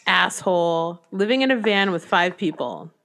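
A woman's voice: on the low side, expressive, normal speed, fairly bright tone. A woman in her thirties hosting a podcast, chatting casually and crudely, swearing freely. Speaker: podcast host.

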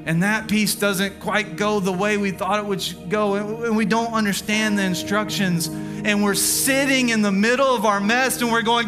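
A man in his thirties preaching a sermon, telling a family story with slow, deliberate emphasis. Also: sits high, fairly even intonation. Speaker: pastor. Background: music.

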